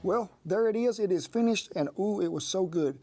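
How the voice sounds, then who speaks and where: A man's voice: high-pitched, normal speed, music in the background. A man hosting a cooking show in a folksy, drawling way. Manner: folksy, drawling, calls people sugar.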